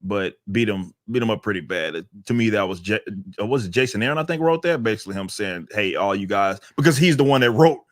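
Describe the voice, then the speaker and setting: A man chats on a podcast in a loose, rambling way, often agreeing and laughing. His voice is fairly low and the sound is dry and close. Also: fast talker, hardly any pauses, no room sound. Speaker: podcast co-host. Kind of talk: casual podcast chat.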